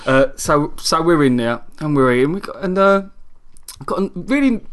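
A man's voice: a little high, normal speed. A man co-hosting a casual chat, telling an embarrassing story with lots of laughter and mimicked voices. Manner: animated, laughing anecdote-telling with mimicked quotes. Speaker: podcast co-host.

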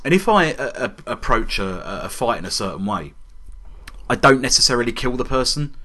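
A man in casual chat about a video game, animated and sweary, often laughing. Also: medium pitch, brisk.

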